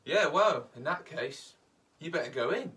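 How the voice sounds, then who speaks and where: A man's voice: fairly high pitch, expressive, normal speed, pushed and bright, distant mic. A British man voicing a patient male gatekeeper saint in a joke, in his own voice. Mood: weary. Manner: easygoing joke-telling.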